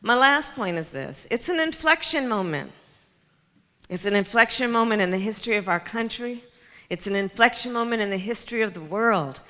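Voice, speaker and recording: A woman's voice: a little high, expressive, normal speed, pushed and bright. A woman political candidate giving a campaign speech, rhetorical and repeating key phrases. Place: large community center hall before a crowd. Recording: reverberant hall with faint crowd.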